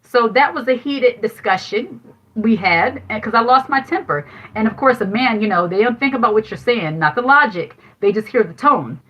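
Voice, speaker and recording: A woman with a slightly high voice talks candidly into a phone or webcam, chatting through a personal story. She laughs often as she goes. The audio is dull and lo-fi, like a home livestream. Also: lively intonation, moderate pace, husky. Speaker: livestream host giving life advice. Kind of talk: casual livestream chat.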